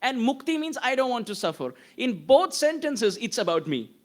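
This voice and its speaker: A man's voice: very high-pitched, very animated, normal speed. A man giving a devotional sermon, telling stories expressively and reciting Sanskrit verses. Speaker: preacher.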